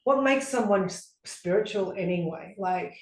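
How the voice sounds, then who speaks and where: A chatty woman telling a rambling story in a relaxed podcast chat. Her voice sits in the middle, and it bounces around a roomy, echoey space. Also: medium pitch, normal speed. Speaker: podcast co-host. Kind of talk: casual chat. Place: living room couch. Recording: echoey room.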